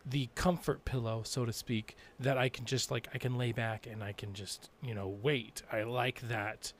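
A man's voice: medium pitch, fairly even intonation, moderate pace, a little hiss or hum. A man co-hosts a gaming podcast in a loose, casual way. He jokes with his co-host and then explains game abilities step by step in an easygoing tone.

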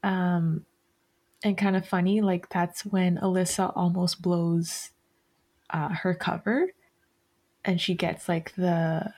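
Woman podcast host, slow and meandering, lots of fillers and restarts. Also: lowish voice, darkish tone. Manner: rambling, self-correcting, many fillers. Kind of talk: casual chat.

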